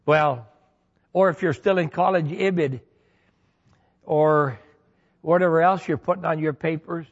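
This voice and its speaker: Folksy man preaching, high voice. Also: steady tone, unhurried, pauses often, lo-fi sound. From Michigan. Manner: folksy storytelling with humor. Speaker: pastor. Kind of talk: sermon.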